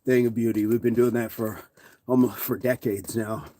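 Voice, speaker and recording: A man's voice: mid-range voice, steady tone, normal speed, dark tone. A man hosting a live workout stream, counting reps, reading chat and greeting viewers between sets, often out of breath and sighing. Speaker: fitness livestream host.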